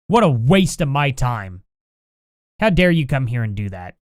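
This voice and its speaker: A man's voice: medium pitch, big pitch swings, unhurried, no room sound, clean studio sound. A man hosting a live stream, reading chat aloud and answering it with combative, sarcastic, exasperated rants, plainly angry. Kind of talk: heated live-stream commentary.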